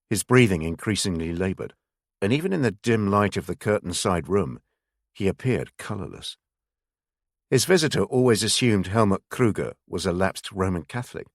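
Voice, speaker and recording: A man narrating a thriller audiobook in a measured, expressive way. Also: sits low, dry recording, studio quality. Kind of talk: scripted narration.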